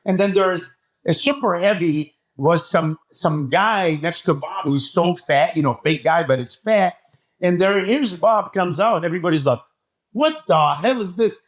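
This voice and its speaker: A man telling a story as a podcast guest, talking excitedly and acting out what people said. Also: high voice, moderate pace. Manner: acts out quoted dialogue, excitable. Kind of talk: animated storytelling.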